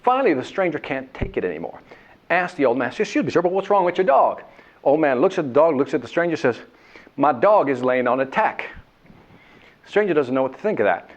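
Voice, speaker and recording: A sales trainer gives a motivational talk in a slightly high, brisk voice, telling a story in an animated way and acting out whining voices and characters. The recording has a dull, lo-fi quality.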